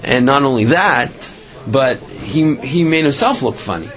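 A man's voice: mid-range voice, animated, unhurried, fairly bright tone, highs cut off. A man giving a religious storytelling talk, rambling with many restarts and filler phrases. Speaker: religious speaker.

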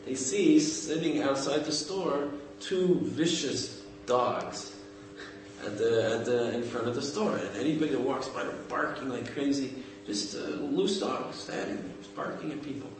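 Man telling a story in a booming room. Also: animated. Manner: halting, conversational, often restarting phrases. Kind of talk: informal oral storytelling. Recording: echoey room, mic far off, faint background noise.

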